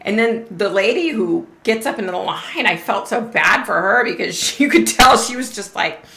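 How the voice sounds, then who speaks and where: A woman's voice: medium pitch, animated, moderate pace, creaky, sharp tone. A middle-aged woman hosting a live stream, telling a story in a casual, chatty way, swearing freely and laughing often. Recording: roomy echo.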